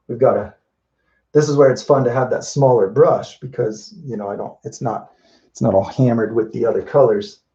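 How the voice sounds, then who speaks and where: Casting note: man painting live on camera, easygoing think-aloud instructor, mellow low-key tone, slightly dull lo-fi sound. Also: normal speed. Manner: relaxed, thinking aloud while painting, many restarts and "you know". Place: indoors at a painting wall.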